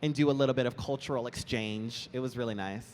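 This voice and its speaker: A young man chatting as an interview guest on a convention stage, animated and quick to laugh, telling his stories with lively put-on voices. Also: medium pitch, slight background noise. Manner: animated, giggly, lively storytelling. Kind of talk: casual chat on stage. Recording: roomy hall with faint ambience.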